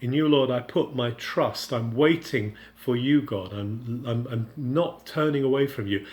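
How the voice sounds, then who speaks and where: A man giving an earnest devotional Bible teaching, speaking unscripted with frequent halting restarts and paraphrasing scripture in the first person. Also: medium pitch, a little mellow.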